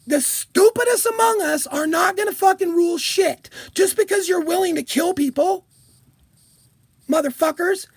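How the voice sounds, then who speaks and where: A woman vlogger delivering an angry, profane political rant, shouting at times. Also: very high voice, normal speed, no echo.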